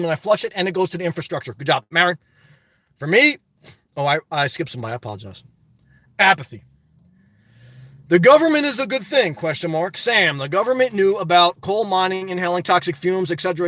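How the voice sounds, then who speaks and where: High-voiced man live-streaming from a phone. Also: a bit bright, no echo. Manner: emphatic, repeats "okay?" and "good job". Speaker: live-stream host reading chat. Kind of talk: casual live-stream chat.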